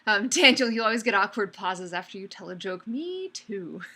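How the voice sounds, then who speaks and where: A woman's voice: mid-range voice, very animated, moderate pace, pushed and bright. A young woman teaching a live online class in an upbeat, chatty way, calling on students by name. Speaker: online course instructor.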